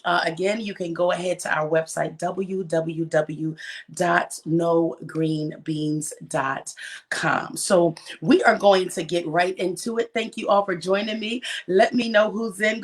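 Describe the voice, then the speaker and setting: A woman author and life coach leading a live-stream book talk in an energetic, preachy, encouraging way, repeating phrases for emphasis. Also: lowish voice, unhurried.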